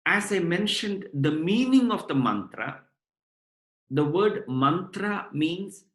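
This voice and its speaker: A man giving a devotional lecture on scripture to his students, explaining point by point in a measured way. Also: sits high, big pitch swings, fairly bright tone. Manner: measured, explanatory, addresses listeners as brothers and sisters. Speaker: spiritual lecturer. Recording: roomy echo.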